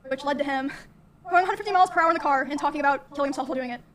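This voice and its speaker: A young woman streamer recounting a personal story in a soft, halting way, with many fillers. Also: high voice, a little hiss or hum.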